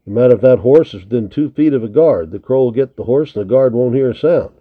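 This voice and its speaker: A man reading the part of an experienced trapper in charge of the night guard, brisk and firm. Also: mid-range voice, lightly acted. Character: experienced watchful male trapper, head of the guard. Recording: tinny narrow lo-fi recording.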